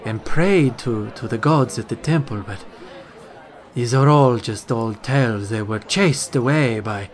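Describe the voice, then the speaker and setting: A man runs a tabletop game, narrating scenes in halting bursts with frequent restarts. His voice sits at a middle pitch for a man. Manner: halting, many fillers and restarts. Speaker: game master.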